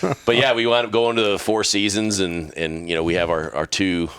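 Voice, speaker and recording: Low-voiced dude rambling through a story, swears a lot, dry close sound. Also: male voice, little pitch movement, a little fast, fairly bright tone, smooth, dry recording. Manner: profane, rambling anecdotes. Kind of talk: casual storytelling chat.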